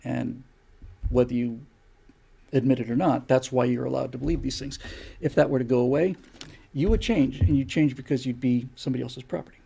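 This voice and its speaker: Older guy ranting on his live stream, gravelly husky voice, keeps throwing rhetorical questions. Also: mid-range voice, fairly even intonation, a little fast, warm tone. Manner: rhetorical, lecturing, fires off repeated questions. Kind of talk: opinion monologue on a live stream.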